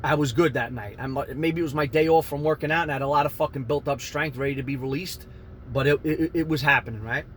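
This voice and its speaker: A man telling a profane fight story, animated and swearing constantly, shouting out the punches. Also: fairly high pitch, quick pace, slight background noise.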